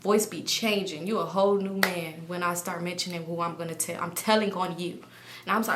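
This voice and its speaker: A young woman in her twenties telling a personal story to her viewers, animated and full of profanity. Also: lowish voice, fairly quick, roomy sound, background noise. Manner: animated, profane, laughing often. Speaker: storytime vlogger. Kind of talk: casual storytelling.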